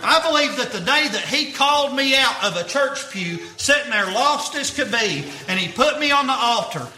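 Guy preaching, high bright voice, repeats himself a lot, echoey church. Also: lively intonation, normal speed. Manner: earnest, repetitive preaching with folksy grammar. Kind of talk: sermon.

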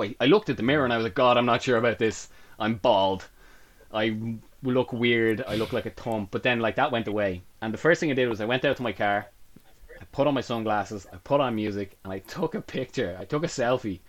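A young man in his twenties, a podcast guest chatting casually and acting out the quotes in his stories. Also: on the low side. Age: 20s. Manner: lively storyteller, acts out quotes. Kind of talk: casual chat.

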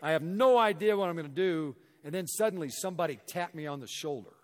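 A middle-aged man from Missouri giving a motivational talk to a hall audience, telling an animated story and acting out the dialogue. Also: on the high side, quick pace. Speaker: guest speaker. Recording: echoey hall reverb.

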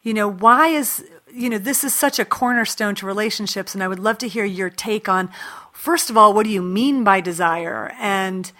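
A woman's voice: mid-range voice, normal speed, bright, forceful tone. A woman hosting an interview show who asks long, effusive questions with eagerness. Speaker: podcast host. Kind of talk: interview and scripted intro.

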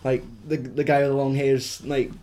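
A man's voice: mid-range voice, little pitch movement, normal speed, mellow. A man co-hosting a casual film chat, rambling and sweary with lots of fillers. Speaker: podcast co-host.

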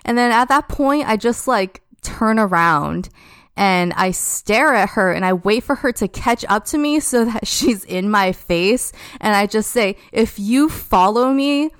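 A young woman appears as a podcast guest, casually telling a story in a chatty way and leaning heavily on "like" as a filler. Her medium-pitched voice has lively intonation, a measured pace, and a slightly bright, clean tone, recorded at studio quality with no echo.

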